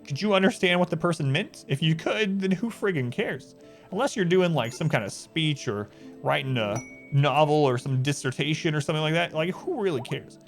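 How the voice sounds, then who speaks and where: A man's voice: a little high, animated, a little fast, soft background music. A man streaming live, chatting casually and rambling with sarcastic asides, with a faint regional American accent.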